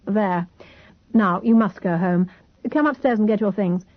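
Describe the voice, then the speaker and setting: A grown man speaks with steady, unhurried reassurance, read by a woman in her ordinary voice. The audiobook sound is dull and lo-fi, with a medium pitch and muffled highs. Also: dry recording, lightly acted. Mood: calm. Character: calm, protective grown man. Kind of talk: audiobook character voice.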